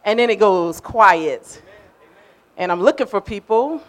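An older woman giving a conversational sermon as a minister, emphatic and animated, acting out voices as she tells it. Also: mid-range voice, unhurried.

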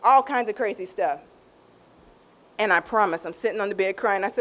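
Sharing her personal faith testimony as a guest, a middle-aged woman talks briskly, with long pauses. She's informal and emotional, repeating and restarting phrases, and she acts out other people's words with big swings in pitch.

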